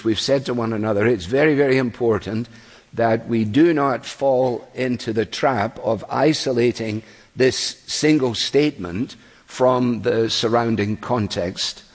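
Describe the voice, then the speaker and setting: A man preaching a sermon, opening with prayer and then explaining the passage in an earnest, measured way. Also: mid-range voice. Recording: long hall reverb.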